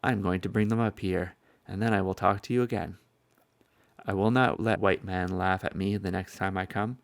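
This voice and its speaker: A commanding army general, curt and overbearing, speaks in a low, gravelly voice, as a man puts him on in a storybook reading. The sound is close and dry, with no room around it. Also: steady tone, normal speed, dry recording. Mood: stern.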